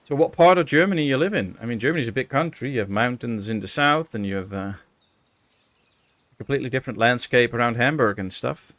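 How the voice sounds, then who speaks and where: Streaming a colony-building game, this man from the Netherlands speaks a little fast at medium pitch, and the recording has no room sound. He's relaxed, chatting with his viewers and thinking aloud full of fillers.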